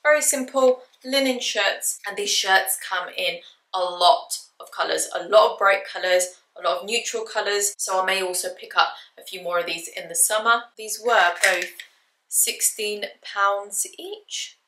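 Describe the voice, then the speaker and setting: A woman's voice: mid-range voice, measured pace, sharp tone, reverberant. A young woman, chatting upbeat to camera about a shopping haul, her voice jumping up whenever she says a price. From England. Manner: chatty, upbeat, voice jumps up when saying prices. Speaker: fashion haul vlogger. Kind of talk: casual haul chat to camera.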